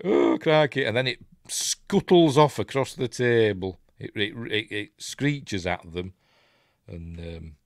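A man's voice: deep voice, no echo, clean studio sound. A man with a Yorkshire accent giving a rambling, chatty running commentary as he watches a film, chuckling at his own asides. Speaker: host of a film watch-along channel.

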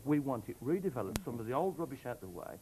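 A man's voice: medium pitch, sing-song, quick pace, a crowd in the background, rough recording. Emphatic male councillor in a debate. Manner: emphatic, repetitive, political. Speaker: opposition councillor. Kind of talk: studio debate. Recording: TV studio with audience.

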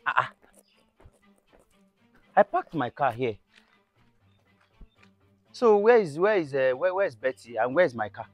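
A man acting a panicked, shouting husband who has lost his car in a comedy skit. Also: on the high side, very animated, measured pace, pauses often, soft background music. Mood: frantic angry. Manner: frantic, shouting, exclamatory.

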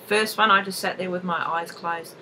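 A woman in her thirties telling a personal story to camera in a casual, expressive way, laughing often. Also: lowish voice, normal speed, slight background noise, rough recording. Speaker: vlogger sharing a personal experience.

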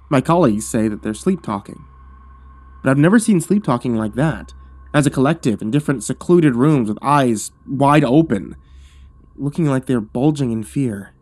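A man reading a first-person horror story aloud in a measured, hushed storytelling manner that drops low at tense moments. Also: expressive, no echo.

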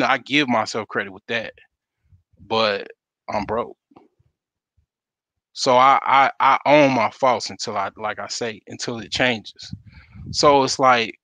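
A man's voice: medium pitch, pushed and bright, no echo. A man hosting his own show, ranting in a blunt, profane, casual monologue. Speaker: host.

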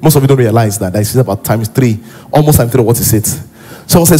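A man preaching a sermon in a church. He is animated and often acts out characters. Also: mid-range voice, quick pace, a little hiss or hum. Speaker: pastor.

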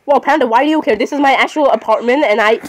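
Woman gamer, fairly high voice, excitable, keeps apologizing, talks to herself, casual play-by-play. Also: quick pace, a little hiss or hum. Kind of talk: casual gameplay commentary.

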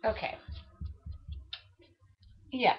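A woman's voice: extremely slow, a little hiss or hum. A woman demonstrating a mixed-media art piece on a live stream, talking to herself and her viewers as she works in a home studio. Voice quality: chatty, self-talking. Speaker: art instructor. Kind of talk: live-streamed craft demo chat. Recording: lo-fi webcam stream audio.

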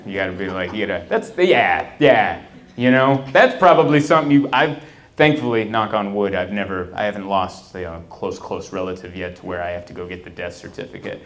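A man's voice: lowish voice, a little fast. A man doing a stand-up comedy set in a small venue, rambling and interrupting himself, laughing at his own jokes as the audience talks back. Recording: live room with loud crowd. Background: audience laughing and talking back.

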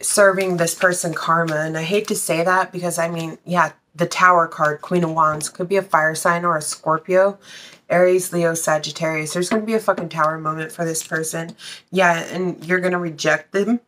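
A woman's voice: lowish voice, fairly even intonation, normal speed, fairly bright tone. A woman reading tarot in a casual, blunt way, swearing freely and talking straight to her viewers. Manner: blunt, swears freely, breaks into sung lines. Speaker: tarot reader.

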